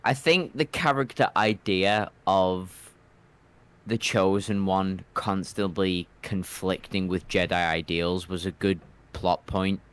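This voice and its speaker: Blunt low-voiced guest on a stream. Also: male voice, a bit bright, smooth. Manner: blunt, quick opinions with crude slang. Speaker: guest co-host. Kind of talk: casual livestream chat.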